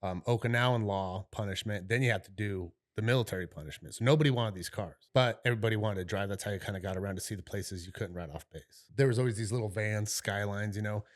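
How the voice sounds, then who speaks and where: Low-voiced man spinning a laid-back yarn. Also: quick pace, hardly any pauses. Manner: laid-back, profane, rambling with fillers like "right?" and "you know". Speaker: podcast co-host. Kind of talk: casual storytelling chat.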